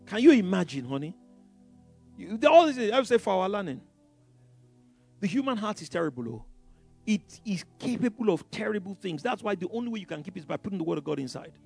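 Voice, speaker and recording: Male preacher, exuberant and halting, with a high, gravelly voice. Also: a little mellow. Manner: exuberant, rallying the congregation, bursts of emphasis; halting, with many fillers and restarts. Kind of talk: sermon.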